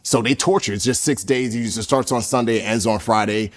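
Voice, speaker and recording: A man's voice: medium pitch, fairly quick. A man, a podcast guest who went through military training, telling earnest stories casually with many fillers. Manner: earnest, filler-heavy storytelling. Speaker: podcast guest, former Navy SEAL trainee. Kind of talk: casual storytelling.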